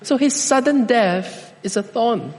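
High-voiced preacher in a reverberant hall. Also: male voice, animated. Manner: slow, deliberate preaching with measured pauses. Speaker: pastor. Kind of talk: sermon.

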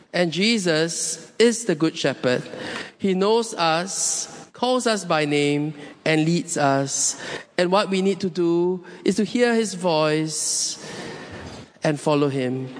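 Slow, high-voiced male preacher in a church hall. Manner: slow, deliberate preaching with rhetorical questions. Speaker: pastor. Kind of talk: sermon. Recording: long hall reverb.

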